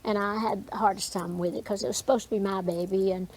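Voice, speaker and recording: A woman's voice: mid-range voice, fairly even intonation, quick pace, a little mellow, rough recording. A woman in her sixties with a Southern mountain accent, telling family stories as an interview guest in a folksy, rambling way full of fillers. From Tennessee, USA. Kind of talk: emotional interview storytelling.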